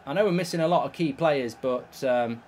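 A man's voice: medium pitch, moderate pace, darkish tone, a little hiss or hum. A man with a heated, swear-filled delivery, hosting video game commentary. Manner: exasperated, swears often. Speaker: host.

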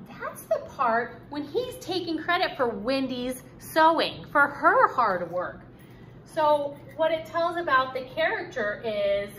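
A woman teaching a recorded lesson for young students. She stretches out her key words and speaks in an encouraging way. Her voice is bright and fairly high, and it moves up and down a lot. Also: very animated, slight background noise, poor audio. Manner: slow, emphatic, encouraging teacher talk. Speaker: fourth grade teacher. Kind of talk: recorded online reading lesson.

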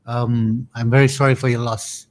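Halting host. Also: male voice, mid-range voice, flat delivery. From Malaysia. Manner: hesitant, halting, many fillers. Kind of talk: online video interview.

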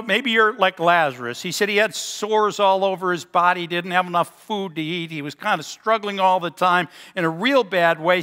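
A man preaching a sermon as pastor, telling stories and slowing down for emphasis in a church sanctuary. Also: on the high side, pushed and bright. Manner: storytelling, slows for emphasis. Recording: long hall reverb.

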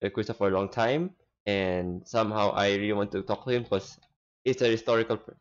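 A man's voice: fairly low pitch, fairly quick, highs cut off. A man hosting a casual live-stream interview, rambling with restarts and laughing often.

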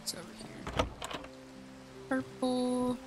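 A woman's voice: sits high, completely flat delivery, slow pace, loud music behind the voice. A woman giving casual gameplay commentary, chatty and thinking aloud, joking at herself. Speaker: let's play host.

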